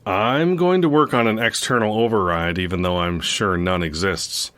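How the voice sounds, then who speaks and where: Stranded astronaut played by a man: low, understated, bone-dry deadpan. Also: normal speed, lightly acted. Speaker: podcast host.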